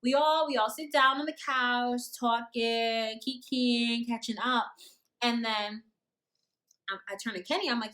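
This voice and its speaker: A young woman telling a casual storytime, animated and slangy, acting out what people said. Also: a little high, unhurried. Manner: animated, slangy, acts out quotes.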